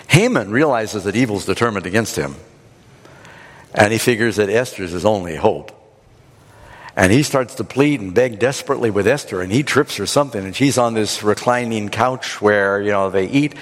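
A man preacher giving a sermon, retelling the story in a dramatic, animated way. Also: mid-range voice. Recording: long hall reverb.

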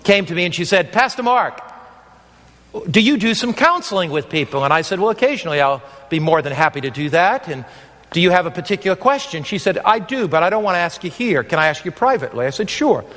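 A man's voice: sits high, very animated, quick pace, fairly bright tone, long reverb tail. A man preaching an evangelistic sermon as pastor, earnest and pleading, acting out the voices in his stories.

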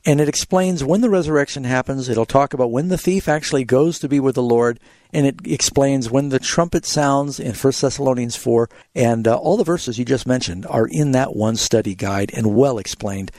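Male radio Bible-show host, mid-pitched, dry studio sound, patient explainer. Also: normal speed, a little mellow, no echo. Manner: explanatory, tells illustrative stories. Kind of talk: radio Bible question call-in.

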